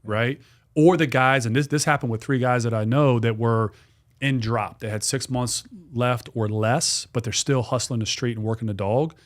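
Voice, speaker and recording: Man in his forties, mid-pitched voice, lively podcast guest who repeats himself and swears. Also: normal speed. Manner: animated, repetitive, swears freely. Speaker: guest, dog trainer and business owner. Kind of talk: casual podcast storytelling.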